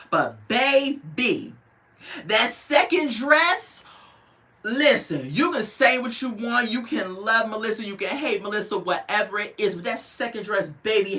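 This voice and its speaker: Animated woman with bright, lively delivery. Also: mid-range voice. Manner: animated, talks to viewers as "y'all" and "baby"; mimics the people she discusses in quick quoted voices. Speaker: reality show reviewer. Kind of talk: casual commentary.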